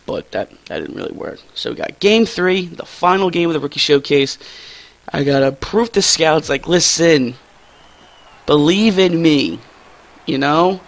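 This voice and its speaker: Excitable young man with a gravelly voice. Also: moderate pace. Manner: excitable, slangy, jumps to high squeals when thrilled. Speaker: gaming YouTuber. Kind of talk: casual gameplay commentary.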